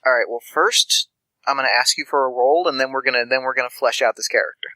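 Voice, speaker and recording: A man's voice: mid-range voice, fast, pushed and bright, no echo, low-quality recording. A man running a tabletop game as game master, narrating in a loose, conversational way.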